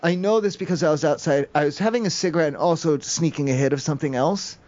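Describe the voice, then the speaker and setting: A man's voice: a little high, fast, darkish tone. Man, prank phone call, rambling storyteller, lots of fillers, muffled audio. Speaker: prank caller.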